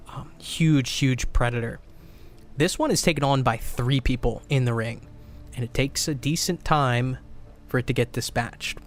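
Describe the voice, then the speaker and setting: A man running a tabletop game as game master, describing fights and calling for dice rolls in a relaxed way with fillers. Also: medium pitch.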